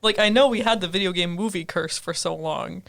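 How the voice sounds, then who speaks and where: A man co-hosting a gaming podcast, chatting casually with quick quips. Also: sits high, gravelly, fairly bright tone. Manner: quick quips, laughs often. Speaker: podcast co-host. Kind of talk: casual chat.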